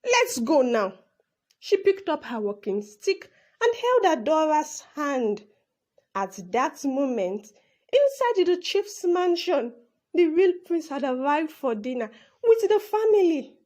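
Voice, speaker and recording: A woman's voice: high voice, sing-song, slow, a little mellow. A woman narrating a children's folk tale and shifting her voice for each character. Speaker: storyteller.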